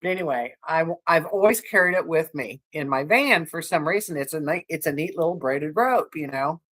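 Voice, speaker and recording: A woman's voice: sits low, animated, brisk, a bit bright. A woman co-hosting a casual livestream, chatting with viewers in a rambling way and laughing often. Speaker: livestream co-host.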